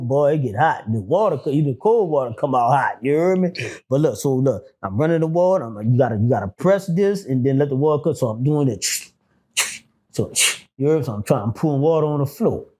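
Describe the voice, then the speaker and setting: A man telling prison stories in a casual interview, animated and profane, acting out quotes. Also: mid-range voice, a little fast. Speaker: guest, former prisoner.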